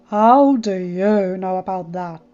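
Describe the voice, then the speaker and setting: A woman's voice: mid-range voice, slow, mellow, faint music behind, natural voice. A woman voicing a wry, guarded male god of the underworld in a fan fiction read aloud, on a dull lo-fi recording.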